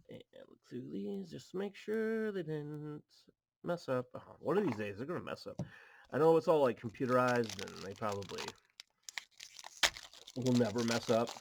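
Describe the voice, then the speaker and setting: The speaker is a mid-range, gravelly-voiced man hosting a card-opening video at home in his apartment, with slight background noise. He keeps the chat casual, reading card text out loud between goofy asides.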